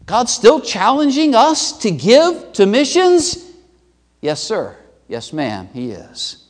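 A man preaching a sermon as pastor, swinging between loud emphatic peaks and low, quiet drops. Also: huge pitch swings, slow. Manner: emphatic preaching with sweeping pitch and loudness swings. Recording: long hall reverb.

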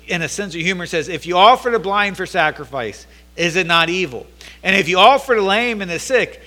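A man with a high, bright voice preaching a sermon. He reads verses aloud, then breaks them down in a conversational way, acting out the voices he quotes. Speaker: pastor. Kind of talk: sermon with scripture reading.

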